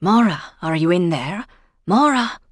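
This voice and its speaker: A woman's voice: deep voice, animated, moderate pace, fairly bright tone, no room sound, clean studio sound. A woman voicing a kindly, anxious older village landlady with a fussing, motherly manner.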